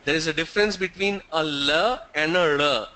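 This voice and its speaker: High bright Indian English lecturer. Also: male voice, rough recording. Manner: explains slowly, repeats and asks students questions. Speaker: teacher. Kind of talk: classroom lecture to an online class.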